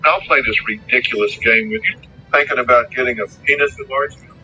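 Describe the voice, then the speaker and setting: A man's voice: mid-range voice, fast, pushed and bright, highs cut off, a little hiss or hum. A man in a heated argument, insulting and taunting, repeating his jabs.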